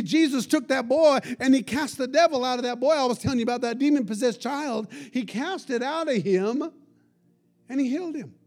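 A male pastor with a high, mellow voice delivers a sermon and leads an altar call. He swings between loud, pleading stretches and hushed, soft-spoken phrases.

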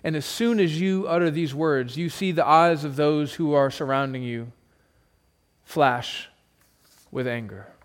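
A pastor preaching a sermon, retelling a scene in vivid second person with dramatic pauses. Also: male voice, on the high side.

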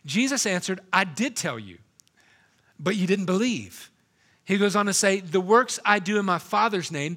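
A man preaching a sermon as pastor, emphatic, dropping soft and low to linger on quoted lines.

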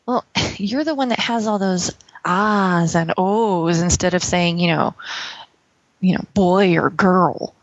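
A woman's voice: lowish voice, slow pace, no room sound, muffled recording. A woman translating for her husband in a recorded listener message, dry and teasing. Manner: dry, teasing, mock-scolding. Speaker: listener translating in audio submission.

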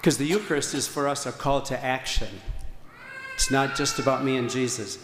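A man's voice: mid-range voice, steady tone, moderate pace, background noise. A man, a priest, preaching a sermon with earnest emphasis and repeated phrases, now and then stumbling over fillers. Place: large church. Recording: echoey church hall, faint ambience.

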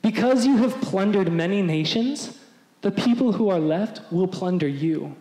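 Man, pastor, sermon, high voice, lively acted-out crowd voices, roomy echo. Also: measured pace. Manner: animated, acts out crowd voices. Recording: echoey hall with long reverb.

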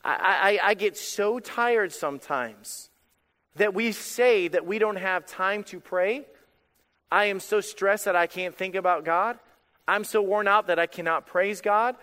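A male pastor preaching a sermon in an animated, emphatic way, repeating phrases for effect. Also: high voice, measured pace, long reverb tail.

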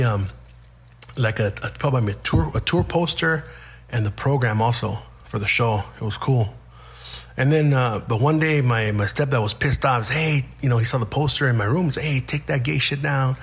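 A man's voice: mid-range voice, slightly rough. A man in his forties, hosting a podcast, tells his childhood story unscripted, swearing a lot and restarting his sentences. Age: 40s. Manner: profane, rambling, frequent restarts. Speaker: podcast host.

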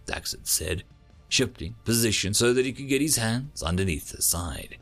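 A man narrating a story in a slow, expressive reading. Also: fairly low pitch, creaky, faint music behind. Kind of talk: audiobook narration.

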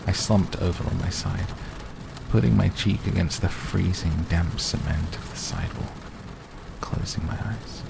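Deep, gravelly man reading an audiobook. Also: measured pace, heavy background noise. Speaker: narrator. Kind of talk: audiobook narration.

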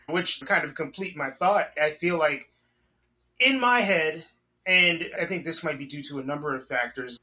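A man hosting a podcast, chatting casually and cracking quick jokes between his points. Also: on the high side, bright, forceful tone. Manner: joking, laughs easily, cuts in with quips. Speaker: podcast host. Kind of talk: casual conversation.

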